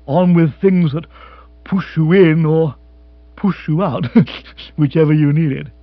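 Blustery stammering upper-class husband, as a reader plays him, high and animated, dry dull sound. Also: male voice, slow, no echo. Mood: dignified, sheepish. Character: bumbling jovial upper-class English husband. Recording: dry, slightly dull audiobook.

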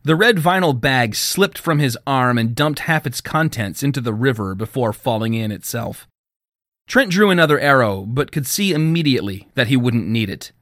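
A man, the author, reading his own fiction aloud in a measured storytelling manner. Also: medium pitch, lively intonation, fairly bright tone, dry recording, studio quality. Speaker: author and narrator.

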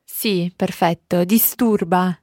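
A woman co-teaching a language lesson, briskly confirming and encouraging the learner's answers. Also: lowish voice, fairly even intonation, a little mellow, no room sound, clean studio sound.

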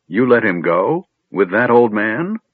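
A man putting on a hoarse, gruff dwarf with a husky edge and a gasping delivery. The audio is dry and tinny, like a phone line. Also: lowish voice, very animated, measured pace, no echo, voice pushed up, heavily acted. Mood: gruff, alarmed.

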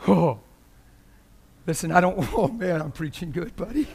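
A man preaching as a visiting preacher in a church, passionate and joking, often laughing mid-sermon, sometimes quiet and sometimes loud. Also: sits high, animated, a little slow, creaky, slightly rough.

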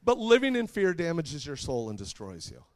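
A man's voice: on the high side, wildly swooping pitch, fairly quick. Joking, conversational male preacher. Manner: conversational and joking, asks the audience questions. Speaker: pastor. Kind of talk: sermon to a live congregation.

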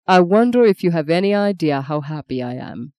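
Brief: woman reading a devoted male lover, low and warm, tender, playful, earnest, audiobook. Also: expressive, a little fast, dry recording, studio quality, lightly acted. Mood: teasing. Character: man in his thirties, ardent, teasing suitor.

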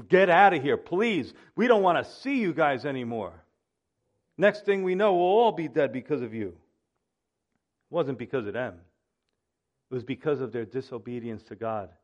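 A man preaching a Bible study sermon, emphatic and rising in intensity, then dropping low and quiet to drive points home. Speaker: pastor.

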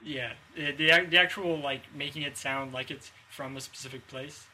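A man's voice: medium pitch, fairly even intonation, normal speed, sharp tone, a little hiss or hum, poor audio. A man in a casual group chat, rambling and restarting his sentences as he explains himself. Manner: rambling, self-correcting, lots of restarts.

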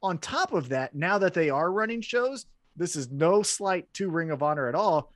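A man's voice: high voice, moderate pace, no echo. A man co-hosting a wrestling podcast in casual chat, blunt and swearing freely as he tells stories. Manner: blunt, swears, animated storytelling.

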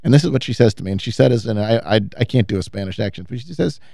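A man with a gravelly, creaky voice cohosts a talk-radio show, trading wry, sardonic banter. His voice sits at a middle pitch, and the sound is dry and close to the mic. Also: lively intonation, racing, warm tone, dry recording. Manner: sardonic, self-deprecating, wry.

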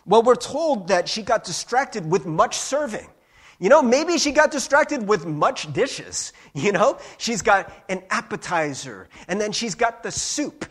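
A man preaching a sermon in an animated, playful way. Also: high-pitched. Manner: animated and playful, with laughs and sung bits. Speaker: pastor.

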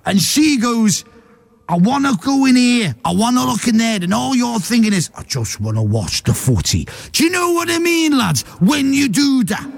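A man impersonating a comedian's stage persona, a bored husband ranting slowly with a Liverpool accent. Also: very high voice, sing-song, gravelly, pitched above the performer's own voice, full character voice. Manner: slow, drawn-out, shouty.

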